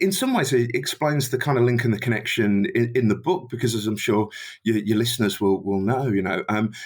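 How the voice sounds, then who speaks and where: A man with a Birmingham English accent, a criminology professor answering interview questions politely and with many restarts. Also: mid-range voice. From Birmingham, England.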